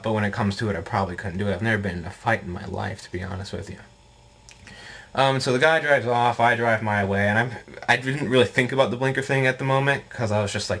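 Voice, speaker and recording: A young man video blogger telling a story casually, rambling and animated, with lots of fillers. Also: lowish voice, brisk, gravelly, breathy edge.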